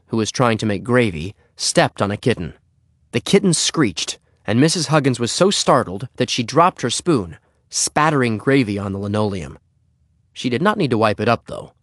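A man reads a children's story aloud in a lowish voice that rises and falls with lively expression. The sound is close and dry, with no room around it. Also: dry recording. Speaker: narrator. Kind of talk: storybook reading.

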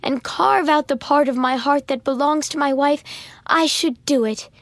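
A woman's voice: high-pitched, fairly even intonation, no echo. A woman voicing a grave, melancholy father. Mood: sad, formal. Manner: slow, measured, formal speech. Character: grave aristocratic father, middle-aged man, melancholy.

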